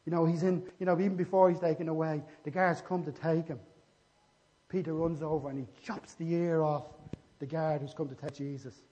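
Steady and dark in tone, a slightly high male voice moves at a somewhat quick pace. He delivers a sermon that retells scripture stories and acts out the conversations, captured with dull lo-fi sound in an echoey hall.

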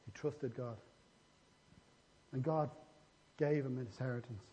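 In an echoey hall with dull, lo-fi sound, a man preaches a sermon, retelling scripture stories and acting out their dialogue. His voice is medium-pitched and dark in tone, and he speaks a little slowly.

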